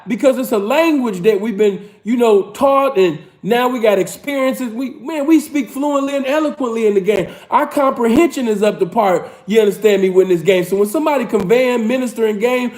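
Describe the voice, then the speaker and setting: A man hosting a livestream, reacting to clips in casual, streetwise slang with a preachy, drawn-out way of stressing his points. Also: very high-pitched, a little mellow.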